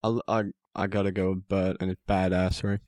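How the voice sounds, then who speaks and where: A man's voice: sits low, little pitch movement, brisk, a little mellow, dry recording, studio quality. An Australian man, a guest fan on a podcast, chatting casually and hesitantly with many ums. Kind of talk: casual chat.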